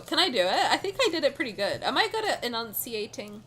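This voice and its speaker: Excitable, bright-voiced female streamer. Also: fairly high pitch, fast. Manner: excitable, giggly, dramatic outbursts. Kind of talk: casual live-stream chat and game dialogue reading.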